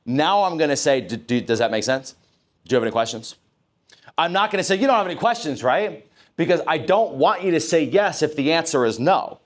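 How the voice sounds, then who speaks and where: A man running a live sales training session, coaching his team, asking the room questions and acting out lines he would say to customers. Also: a little high.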